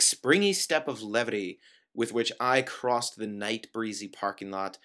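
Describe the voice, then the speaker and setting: A man reading a first-person story aloud, with even narration and dialogue that leaps up in pitch. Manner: narration in an even tone, dialogue with sudden high jumps.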